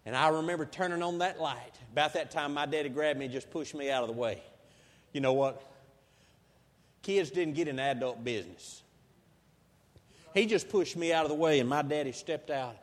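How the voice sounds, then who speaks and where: A man's voice: on the high side, normal speed, pauses often. A man from Texas, preaching a folksy, emotional story sermon that builds to fervent intensity. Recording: long reverb of a large hall.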